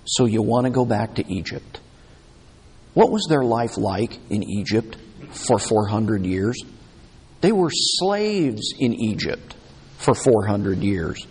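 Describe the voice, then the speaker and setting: Slow-spoken husky preacher in a hall. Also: male voice, fairly low pitch, big pitch swings, a little mellow. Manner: conversational, acts out the people's complaints with emphasis. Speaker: pastor. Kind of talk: expository sermon. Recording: long hall reverb.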